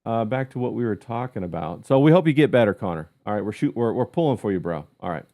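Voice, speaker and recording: A man hosting a livestream in casual chat, halting with many fillers as he reads the chat aloud. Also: fairly low pitch, animated, warm tone. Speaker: livestream host.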